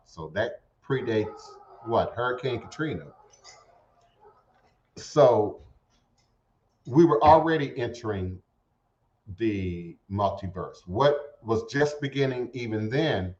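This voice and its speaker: Low-voiced man rambling on internet radio. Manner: rambling, halting with repeated words. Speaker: radio show host. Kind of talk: casual spiritual talk show monologue. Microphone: home setup streamed to internet radio. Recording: roomy, dull lo-fi internet radio audio.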